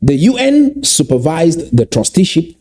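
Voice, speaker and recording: A man giving impassioned political commentary, emphatic and repeating key points slowly for weight. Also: on the high side, big pitch swings, darkish tone.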